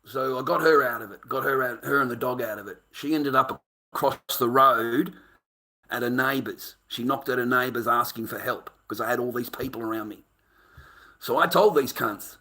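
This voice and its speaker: A man's voice: medium pitch, moderate pace, sharp tone. Brash, swearing Australian man. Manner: profane, rambling, brash, laughs often. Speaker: vlogger. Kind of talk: casual storytelling monologue.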